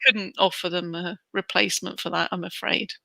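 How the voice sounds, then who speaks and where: A middle-aged woman from the United Kingdom talks in a chatty, animated way as an interview guest. Her voice is bright and lively. The sound is dry and close, with little room in it. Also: lowish voice, a little fast, gravelly, no room sound. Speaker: interview guest, relocation trainer. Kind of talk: casual interview chat.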